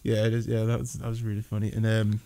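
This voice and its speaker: A man's voice: lowish voice, monotone, fast talker, mellow. Rambling young man chatting about a film. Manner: rambling, lots of 'like' and restarts, laughs often. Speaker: film reviewer. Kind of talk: casual review chat.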